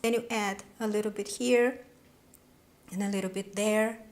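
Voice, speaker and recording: A woman hosting her own cooking video, chatty and excitable, demonstrating a recipe with frequent exclamations. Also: medium pitch, normal speed. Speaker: cooking channel host.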